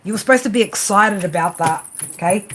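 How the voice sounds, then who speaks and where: A woman's voice: mid-range voice, brisk, fairly bright tone, rough recording. Woman, tarot reader, casual live chat, blunt, repetitive, faint background noise. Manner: casual, repetitive, tag questions; affectionate, blunt, swears.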